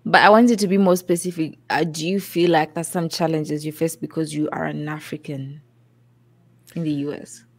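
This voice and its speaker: A woman's voice: sits low, steady tone, moderate pace, a little mellow, no room sound. A woman hosting an interview, encouraging her guest with frequent murmurs of agreement. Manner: encouraging, lots of mm and yeah. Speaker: interview host.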